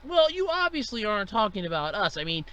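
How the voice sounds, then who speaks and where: A man voicing a self-important male TV network executive who answers back defensively, a bit lower and quieter than his own voice. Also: big pitch swings, fast talker, full character voice. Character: smug male TV network boss.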